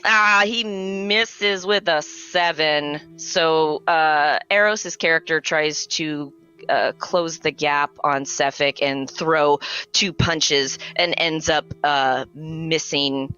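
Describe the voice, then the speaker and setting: A woman narrating as game master of a tabletop game, unhurried and full of fillers. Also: deep voice, pushed and bright, clean tone, faint music behind. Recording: slightly dull, lo-fi audio.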